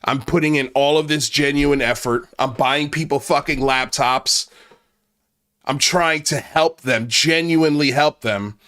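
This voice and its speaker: A man with a mid-pitched voice delivers a heated commentary rant. He swears freely and sounds worked up, now and then tripping over the start of a line. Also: pushed and bright. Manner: angry, profane, ranting; repeats himself and restarts when worked up. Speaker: commentary channel host.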